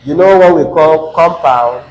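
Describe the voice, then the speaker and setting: A man's voice: a little high, a little slow, darkish tone, rough recording. A man teaching an exam class, asking the students rhetorical questions and repeating words for emphasis. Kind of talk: classroom lecture.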